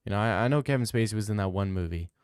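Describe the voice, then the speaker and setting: A man's voice: fairly low pitch, very fast, a little mellow, clear, resonant tone, no echo, clean studio sound. A young man hosting a livestream, reading out chat and rambling in a crude, jokey, casual way. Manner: rambling, crude, jokey, slips into silly voices. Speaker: livestream host answering chat.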